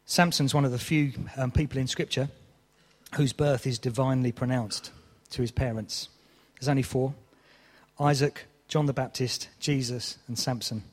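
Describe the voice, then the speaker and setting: A man's voice: mid-range voice, fairly even intonation, moderate pace, long reverb tail. A man preaching a sermon, telling a story with mock exasperation.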